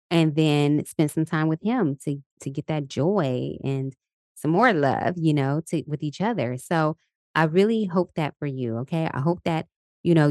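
A woman in her thirties talks in an easy, upbeat way, sharing her days and leading her listeners through affirmations. Her voice sits low and full, and she laughs often. The recording is close and dry, with no room sound. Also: dark tone, no echo. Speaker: podcast host. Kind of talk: casual motivational talk. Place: Los Angeles.

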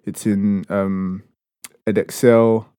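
A man's voice: fairly low pitch, flat delivery, slow, mellow, clean tone, no room sound, studio quality. A young man, co-hosting a casual podcast chat, joking in a mock-serious way. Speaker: podcast co-host. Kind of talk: casual banter.

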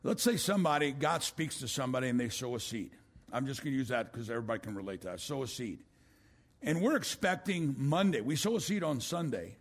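Husky-voiced older male preacher. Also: mid-range voice, expressive, quick pace. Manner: rising to loud exclamations, then dropping to a hush. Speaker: pastor. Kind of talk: sermon.

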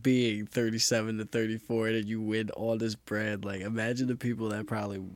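A young man in casual chat, slangy and quick to chime in. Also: fairly low pitch, little pitch movement, no room sound. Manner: slangy, reactive, quick interjections.

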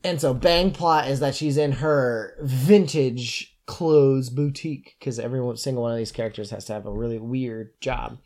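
A podcast host chatting casually as he recaps a book, animated and joking with quick asides. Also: medium pitch.

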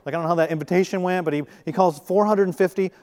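A man preaches in a higher-pitched voice, keeping it conversational and joking, sometimes acting out short quotes. His voice rings out with long reverb, as if in a large church hall. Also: fairly even intonation, very fast, a little mellow. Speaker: pastor. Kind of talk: sermon.

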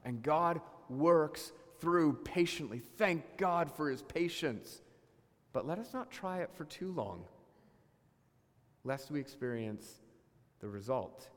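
A man preaching a sermon as pastor, animated and acting out the voices of God and his listeners. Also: on the high side, slow pace. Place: church sanctuary. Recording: long reverb of a hall.

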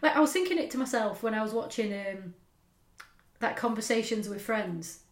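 A woman's voice: fairly high pitch, animated, moderate pace. A woman telling stories in a casual chat as podcast co-host, laughing often. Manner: laughing, chatty storytelling with dialect. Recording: roomy echo.

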